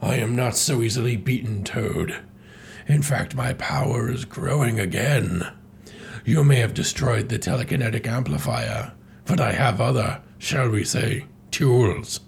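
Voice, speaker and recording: A man voicing a smug, vengeful male ape villain in a comic, speaking slowly and menacingly. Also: mid-range voice, creaky, a little hiss or hum. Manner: slow, drawn-out, menacing delivery.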